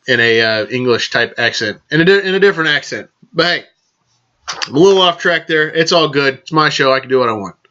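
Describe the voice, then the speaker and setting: A man's voice: a little high, pushed and bright, highs cut off. A man hosting a casual vlog, rambling along, correcting himself and raising toasts to his listeners. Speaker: podcast host.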